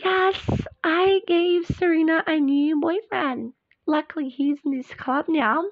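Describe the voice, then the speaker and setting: A woman voicing a gushing, bossy teenage girl in a home-made doll drama, talking dramatically with breathy gasps. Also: sits high, unhurried, noisy background. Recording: dull lo-fi home recording.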